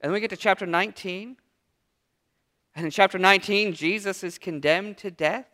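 A man preaching a sermon as pastor, with dramatic pauses, dropping low and soft on quoted lines. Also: long reverb tail.

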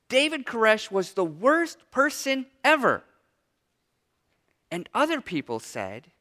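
A man preaching a sermon as pastor, with dramatic pauses, dropping low and soft on quoted lines. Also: in a large hall.

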